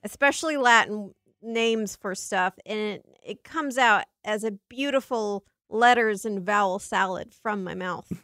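Woman, podcast host, playful joking, smooth clear voice, dry close sound. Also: medium pitch, a little slow, few pauses, fairly bright tone, no echo. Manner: playful, jokey. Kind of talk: casual comedic chat.

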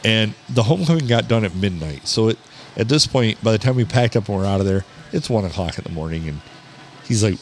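A man hosting a podcast from a bar, telling a story in a casual, animated way, swearing and quoting people. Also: on the low side, a little fast, slight background noise. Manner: swearing, animated anecdote teller who quotes people. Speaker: podcast host.

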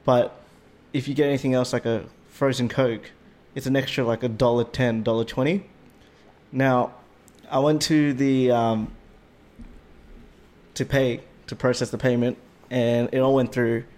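An Australian man telling a story on a casual podcast, animated and swearing freely, his voice jumping up when he gets indignant. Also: medium pitch, measured pace. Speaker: podcast co-host.

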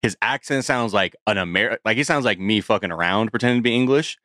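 Male co-host, low register, relaxed and irreverent, dry studio mic. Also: fast talker, no echo. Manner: loose, swearing, jokey asides. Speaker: podcast co-host. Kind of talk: casual chat.

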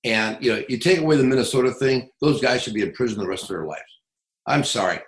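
A middle-aged man working as a police trainer, telling stories in an interview in a blunt, profane, animated way. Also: medium pitch, fast talker, reverberant, rough recording. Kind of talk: casual interview storytelling.

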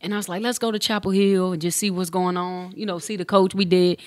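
A woman's voice: fairly low pitch, a little fast, no room sound. A woman in her forties, a former pro basketball player, telling a personal story casually and acting out the dialogue with slang. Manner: animated, acts out dialogue with slang.

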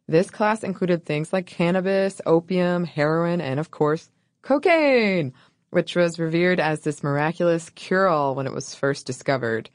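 A deadpan, jokey woman co-hosts a casual history chat and slips dry remarks into what she reads. Her voice sits on the low side. The recording is dry and close. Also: normal speed, hardly any pauses, dry recording. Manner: deadpan, jokey, laughs at own lines. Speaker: podcast co-host.

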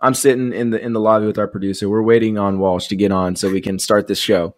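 A man's voice: fairly low pitch, level tone, quick pace, dry recording, clean studio sound. A man co-hosting a podcast, giving confident takes on fantasy football in casual chat. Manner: confident, teasing. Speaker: podcast co-host.

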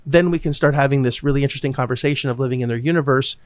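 A man's voice: medium pitch, rapid-fire, no echo. A man talking about real estate deals in a casual, blunt way, swearing freely and acting out what others said. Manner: blunt, swears freely, acts out quoted voices. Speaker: podcast host, real estate investor. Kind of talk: casual chat.

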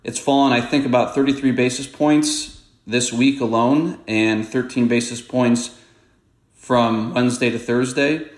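A man who is a market strategist, giving measured, analytical commentary as a podcast guest. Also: mid-range voice. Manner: measured, explanatory, steady. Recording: roomy echo.

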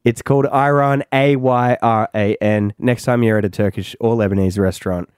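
A man co-hosting a podcast, chatting casually and cutting in with quick reactions to his co-host's story. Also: fairly low pitch, steady tone, a little mellow, smooth, dry recording, clean studio sound. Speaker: podcast co-host. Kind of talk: casual chat.

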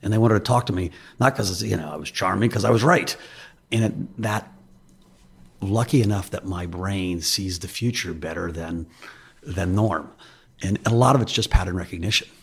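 Man, deep voice, very husky, candid interview guest, loose anecdotal storytelling. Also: moderate pace. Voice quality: raspy. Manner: loose, anecdotal, self-deprecating. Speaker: investor guest.

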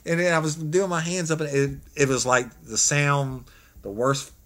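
A man, a former police officer, telling a funny story in a casual, animated way with laughs. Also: a little high, measured pace.

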